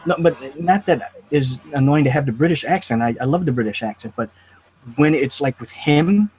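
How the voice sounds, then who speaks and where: A man hosting a casual review chat, talking in an animated, riled-up way. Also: a little high, normal speed, slightly rough. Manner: animated, riled up, quotes lines in put-on voices. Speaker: host.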